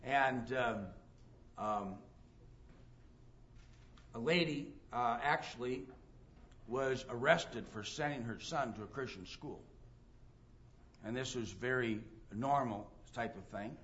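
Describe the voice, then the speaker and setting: A man's voice: medium pitch, slow, long pauses, a bit bright, dull audio. A man preaching a sermon emphatically, reading scripture aloud and acting out the people in his stories. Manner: emphatic preaching, reads scripture aloud, acts out quoted dialogue.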